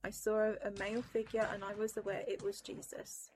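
A woman's voice: mid-range voice, monotone, fairly quick, a little hiss or hum. A woman describing a vision with intense, dramatic emphasis. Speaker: testimony speaker. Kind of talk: personal testimony. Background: music.

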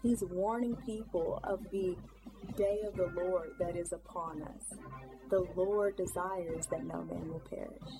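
A woman's voice: fairly low pitch, steady tone, vocal fry, rough recording. A woman narrating in a scripted religious style, earnestly urging listeners. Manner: slow, earnest exhortation. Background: music.

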